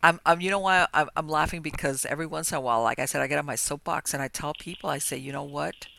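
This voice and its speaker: Gravelly, bright-voiced woman podcast host. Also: sits low, fast talker, dry recording. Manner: talkative, lively, restarts often. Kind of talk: casual interview chat.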